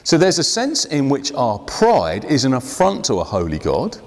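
A man preaching a sermon to his congregation, slowing down to stress key words. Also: medium pitch, huge pitch swings. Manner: preaching with sweeping rises and drops, slowing for emphasis. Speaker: pastor. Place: church hall. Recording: long hall reverb.

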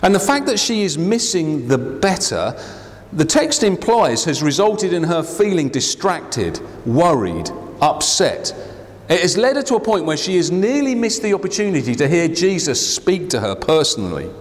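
A man preaching a sermon to his church, expressive, acting out the voices he quotes. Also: moderate pace. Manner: expressive, acts out quoted voices with big pitch swings. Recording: hall reverb.

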